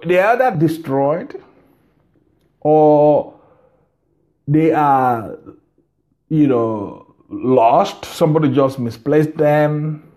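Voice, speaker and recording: A middle-aged Nigerian-accented man speaks to camera from his house in a fairly high voice. He talks slowly and emphatically, circling back and repeating his words as he rambles. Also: expressive, mellow. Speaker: vlogger. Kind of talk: casual monologue to camera.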